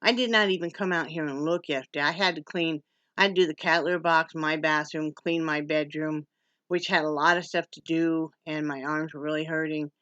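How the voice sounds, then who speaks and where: A woman's voice: low voice, steady tone, a little fast, fairly bright tone, no room sound, highs cut off. A middle-aged woman from Wyoming chatting casually in a home vlog, laughing often and cooing to her dog. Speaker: vlogger.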